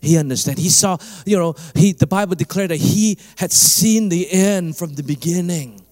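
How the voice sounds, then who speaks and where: A middle-aged man preaching a sermon as a pastor, telling a story in an animated way and acting out the voices in it. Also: normal speed. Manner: animated storytelling, acts out dialogue with big pitch jumps.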